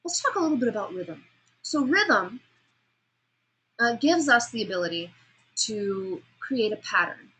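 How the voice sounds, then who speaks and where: Lecturing a speech class on vocal delivery, a woman with a slightly high, bright, forward voice edged with huskiness and breath speaks unhurriedly, leaving long pauses. She animatedly quizzes students and demonstrates every sound and shift in pace she describes, though the recording quality is low.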